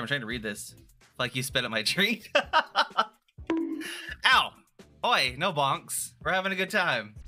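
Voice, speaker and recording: A man's voice: mid-range voice, bright, forceful tone. A man chatting casually on a live stream, playful and rambling, often restarting his sentences. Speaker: vtuber streamer.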